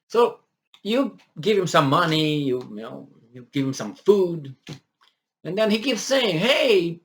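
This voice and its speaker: A man's voice: fairly high pitch, very animated, a little slow. A man giving casual commentary on a news article, rambling with many fillers and restarts, and acting out the voices he quotes with mock exasperation.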